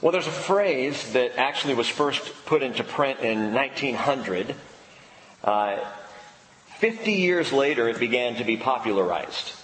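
A man preaching a sermon in a church, emphatic, pausing dramatically on key words. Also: medium pitch, animated, fairly bright tone, a little hiss or hum. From United States. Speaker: pastor. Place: church sanctuary. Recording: echoey hall with long reverb.

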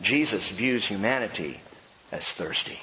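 A male pastor preaching a sermon with passion, swinging between loud emphasis and slow hushed lines. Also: on the low side, lively intonation, a little hiss or hum. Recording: dull sound with long church reverb.

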